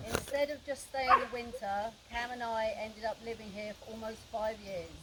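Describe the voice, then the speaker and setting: A woman's voice: fairly high pitch, fairly even intonation, moderate pace, few pauses. A woman reading a eulogy for a friend, telling fond stories and often breaking into laughter. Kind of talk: reading a memorial speech. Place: memorial gathering. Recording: noisy background.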